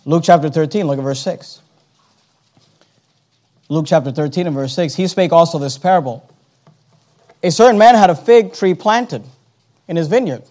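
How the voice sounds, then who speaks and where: A man preaching a sermon, emphatic, slowing down on key words, repeating phrases and turning to the congregation with asides. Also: on the high side, darkish tone.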